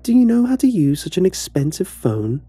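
A man voicing a cruel teenage girl bully who talks in a calm, falsely sweet, sneering way. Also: high voice, normal speed, slightly rough, no room sound, faint music behind, voice pushed up, exaggerated voice.

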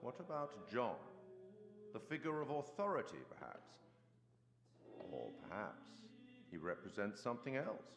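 A man voicing a measured, wry, ominous game narrator. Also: medium pitch, sing-song. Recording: roomy long reverb, music behind.

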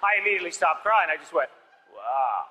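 On a theater stage, a man performs stand-up, delivering stories through dry, punchy one-liners. His voice runs on the high side and fairly quick, and the recording carries live hall reverb and audience noise.

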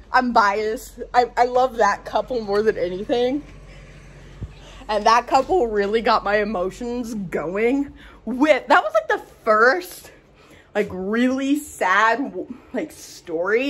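A woman with a slightly high voice rants casually to her camera at home. She is out of breath, and her talk rambles and turns emotional, padded with "like". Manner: rambling, emotional, heavy use of "like". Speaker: vlogger. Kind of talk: casual vlog rant.

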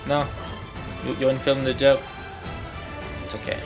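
A man giving goofy, hyped gameplay commentary that bursts into shouting. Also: medium pitch, flat delivery, moderate pace. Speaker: gaming channel host. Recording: background music clearly audible.

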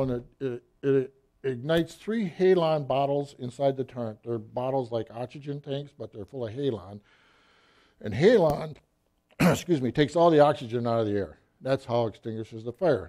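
A middle-aged man telling a story from the pulpit in a folksy, animated way, acting out the scenes as he goes. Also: mid-range voice. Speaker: church speaker. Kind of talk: storytelling sermon.

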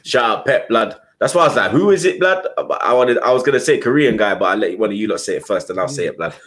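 Swearing man with bright voice. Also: fairly low pitch, lively intonation, fast talker. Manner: swears a lot, teasing, loud. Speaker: podcast host. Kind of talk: casual football podcast banter.

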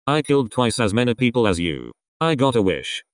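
A man's voice: medium pitch, big pitch swings, brisk, no echo, lightly acted. A man reading out a brash, hot-headed young male assassin with a cocky, teasing way of talking.

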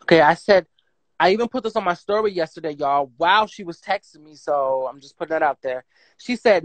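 A woman, telling her story on a phone livestream in a blunt, profane, animated way and reading out text messages. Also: fairly low pitch, brisk, dry recording.

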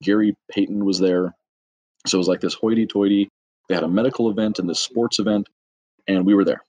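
A middle-aged man, a business owner from the trades, chatting as a podcast guest in a loose, self-deprecating storytelling way with quick asides. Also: fairly low pitch, steady tone, a little mellow, no echo, poor audio. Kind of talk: casual storytelling.

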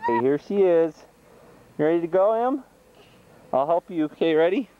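A woman's voice: on the low side, animated, moderate pace. A mother filming her children, chatting in sing-song baby talk on a camcorder microphone. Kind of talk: home video chatter. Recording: dull lo-fi camcorder audio with music.

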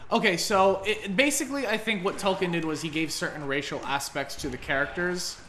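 A man hosting a let's play, chatting casually with rambling, animated commentary. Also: high-pitched, fairly quick. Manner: animated, rambling, swears freely.

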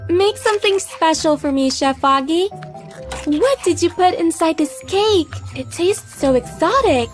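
A woman's voice: extremely high pitch, animated, unhurried, soft background music. A woman playing an eager little sister. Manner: pleading, wide-eyed. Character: eager young girl, sweet and curious. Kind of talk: animated story voice acting.

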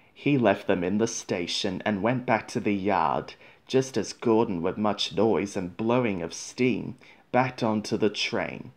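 A man reading a children's storybook aloud in a gentle, measured way. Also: fairly low pitch.

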